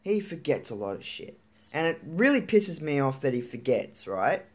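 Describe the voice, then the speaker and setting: A woman's voice: sits low, sing-song, normal speed. A woman in her thirties venting angrily in a sweary, rambling monologue, acting out arguments with her family. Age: 30s. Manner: angry, sweary ranting with quoted arguments.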